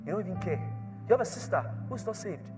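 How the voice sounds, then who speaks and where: A man preaching a sermon in church, repeating phrases and swinging from hushed tones to shouts. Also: high voice, animated, fast, music in the background.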